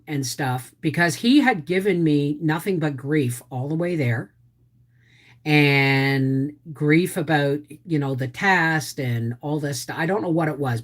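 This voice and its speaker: A middle-aged woman hosting a live stream, telling a family story with animated acted-out quotes and frequent asides of "right?". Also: deep voice. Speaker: homestead channel host.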